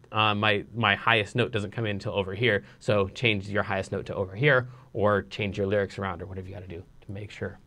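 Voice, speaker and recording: A man teaching a casual songwriting lesson, explaining in a relaxed way with lots of fillers. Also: fairly low pitch.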